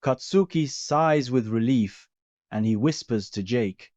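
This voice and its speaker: A man reading fan fiction aloud in a steady, plain storytelling way. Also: medium pitch, unhurried, dry recording, lo-fi sound. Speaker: reader. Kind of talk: fanfiction story narration.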